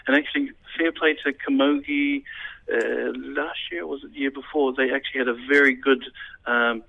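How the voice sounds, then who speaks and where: A man speaks haltingly as a sports official, stumbling and restarting through a radio interview. His voice sits in a flat, even middle pitch. The sound is thin and phone-like. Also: creaky.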